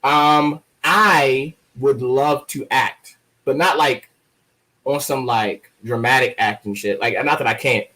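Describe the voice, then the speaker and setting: A man's voice: mid-range voice, slow, poor audio. A man from Baltimore, a guest poet, chatting casually in an interview and telling joking, profane stories. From Baltimore, USA. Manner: joking, profane, lively storyteller.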